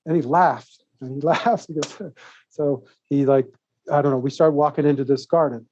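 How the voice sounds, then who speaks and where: A man guest on a podcast, telling a long personal story in a rambling, animated way, laughing often and restarting his sentences. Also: fairly high pitch, normal speed, dull audio, a little hiss or hum. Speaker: podcast guest, author and speaker. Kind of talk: casual interview storytelling.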